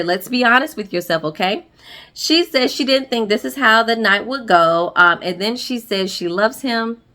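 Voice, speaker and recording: A woman's voice: medium pitch, bright, forceful tone. Sassy woman recapping a reality show. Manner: sassy, talks straight to viewers with slang. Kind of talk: casual recap commentary.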